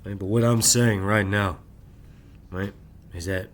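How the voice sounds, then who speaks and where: A man's voice: fairly low pitch, fairly even intonation. Guy ranting to camera, choppy bits, keeps going "right? right?", kinda confrontational, faint hiss behind. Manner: tags nearly every phrase with "right?"; halting, clipped fragments with restarts. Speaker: vlogger. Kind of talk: rambling personal monologue.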